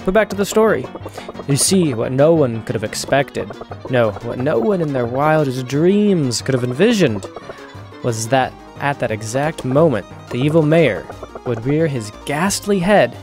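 A man's voice: mid-range voice, sing-song, a little slow, a little mellow, faint music behind. A man voicing a boastful older male adventurer who tells grand, dramatic tales in a video game. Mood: grandiose. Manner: grandiose storytelling.

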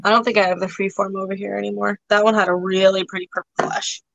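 A woman runs a live online sale, talking in a loose, chatty way with many "like"s and "um"s. Her voice sits at an ordinary pitch and sounds close and dry. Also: flat delivery, fast, gravelly, a bit bright, no room sound, dull audio. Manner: chatty, full of "like" and "um" fillers. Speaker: live auction seller. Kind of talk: casual live-stream sales chat.

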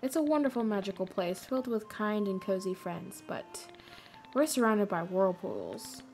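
A woman's voice: mid-range voice, big pitch swings, normal speed, gravelly, darkish tone, soft background music. A woman voicing a cheerful, friendly island woman as she reads game dialogue aloud. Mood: welcoming.

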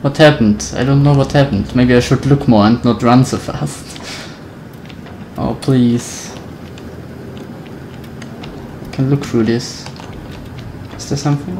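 A nervous let's-play commentator works through a horror game and narrates every step aloud. They talk slowly, hum little la-la tunes to calm their nerves, and keep up a steady stream of self-talk. Faint keyboard typing sits in the background. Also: mid-range voice, rough recording. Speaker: gaming video creator.

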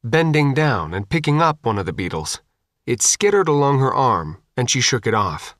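A man's voice: medium pitch, big pitch swings, moderate pace, fairly bright tone, dry recording. Male audiobook narrator, dry studio sound.

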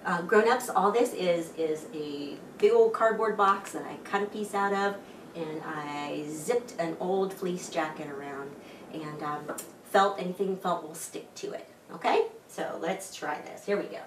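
A woman hosting a children's library storytime, leading songs and stories in an animated, sing-song, encouraging way. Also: on the low side, unhurried, background noise. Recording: echoey room, distant mic, faint music.

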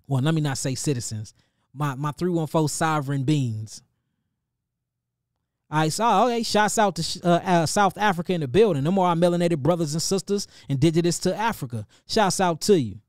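A middle-aged man with a St. Louis accent hosts a casual livestream, giving animated, preachy shout-outs and calling his listeners family. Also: fairly high pitch, normal speed, no room sound, studio quality. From St. Louis, Missouri. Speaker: livestream host and healer.

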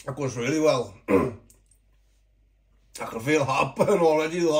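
A man doing casual taste-test commentary as a food vlogger, chatty and self-mocking, who keeps clearing his throat. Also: fairly high pitch, animated, measured pace.

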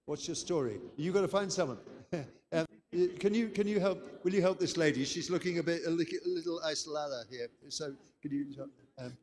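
A man's voice: fairly high pitch, fairly quick, a little mellow, long reverb tail. An older man from England, giving a chatty, anecdotal conference lecture. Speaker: keynote speaker.

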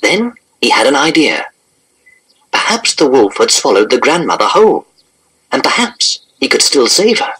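A man reading a children's storybook aloud in an expressive, animated narration. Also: medium pitch, normal speed, slightly rough, low-quality recording.

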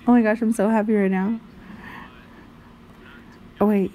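A woman's voice: medium pitch, flat delivery, measured pace, dark tone, slight background noise. A woman vlogger giving goofy, sing-song commentary while playing a driving game. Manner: silly, giggly, sing-song rambling.

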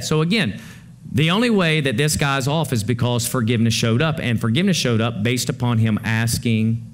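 A male pastor preaching a conversational sermon to his congregation, moving between hushed low passages and rising, urgent ones.

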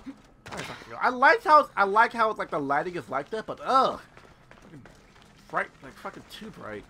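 Excitable young man playing a game. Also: sits high, brisk, slight background noise. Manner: excitable, loud outbursts, lots of swearing. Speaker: gameplay streamer. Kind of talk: casual let's-play commentary.

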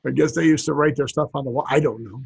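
Husky guy cohosting a goofy podcast, voice sits a bit high, reads off silly sayings and laughs at em. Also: fast talker. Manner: reads out funny sayings, chuckling, jumps into silly put-on voices. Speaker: podcast co-host. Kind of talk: casual comedic chat.

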